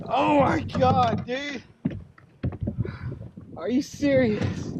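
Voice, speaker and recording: A very high-pitched man whose voice leaps up and down as he exclaims and swears on a lake. He speaks slowly between bursts, talking straight to his camera. The audio is noisy outdoor lake sound from a boat. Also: lo-fi sound. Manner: excitable, loud exclamations, swears freely. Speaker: fishing vlogger. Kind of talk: excited casual narration to camera.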